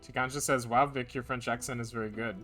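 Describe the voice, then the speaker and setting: A man's voice: medium pitch, steady tone, fast, a bit bright. A man streaming a game, joking and reading viewer chat aloud in casual talk. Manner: jokey, playful. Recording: game music behind.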